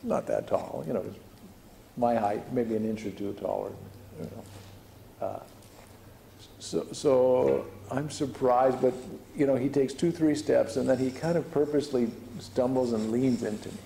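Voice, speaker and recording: A man's voice: medium pitch, unhurried, gravelly, warm tone, a little hiss or hum. A man, a spiritual teacher, telling a personal story to a group in a chatty way, full of fillers and restarts. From United States. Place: hall with audience. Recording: echoey room recording.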